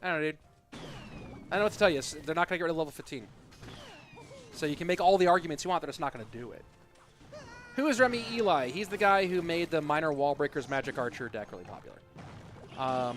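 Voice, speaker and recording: A man with a slightly high voice casts a live esports stream, talking loosely and answering chat questions off the cuff. He fills his pauses with ums and uhs, and faint music plays underneath. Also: fairly bright tone. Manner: casual, answers chat questions with frequent fillers.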